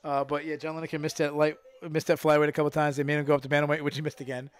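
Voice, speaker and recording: A man's voice: fairly high pitch, completely flat delivery, racing, smooth. A man hosting a casual fight-night podcast, rambling and restarting his phrases as he chats into a studio mic. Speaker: podcast host. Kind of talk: casual MMA commentary chat. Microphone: studio microphone.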